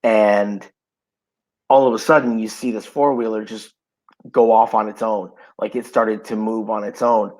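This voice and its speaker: Low slow-talking man telling stories. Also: rough recording. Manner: relaxed storytelling, many fillers. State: has the hiccups. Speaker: podcast co-host. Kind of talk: casual chat. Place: home.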